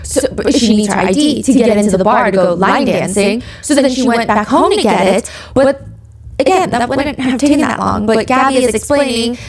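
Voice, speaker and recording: A woman's voice: on the high side, normal speed, a crowd in the background. Chatty true-crime podcast host, woman. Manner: chatty and animated, acting out quoted friends.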